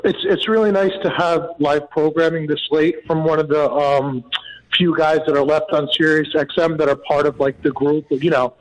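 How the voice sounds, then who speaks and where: Man, radio caller, earnest, halting with fillers, slightly higher voice. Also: fairly even intonation, rough recording. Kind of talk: phone call to a radio show.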